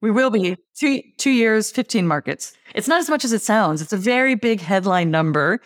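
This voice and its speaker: A woman's voice: medium pitch, expressive, normal speed. A woman with an American accent answering interview questions about a marketing campaign, upbeat and enthusiastic, often starting with "look". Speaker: tourism marketing executive.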